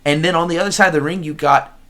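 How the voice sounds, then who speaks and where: A man doing casual, jokey play-by-play commentary for wrestling, excitable and swearing now and then. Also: on the high side, rapid-fire, a crowd in the background.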